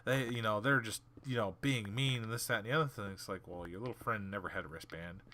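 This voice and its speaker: A man's voice: on the low side, quick pace, a little hiss or hum. A man hosting a gaming channel, telling a story casually while he plays, acting out the people in it with blunt sarcasm. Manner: animated, acts out the people in his story.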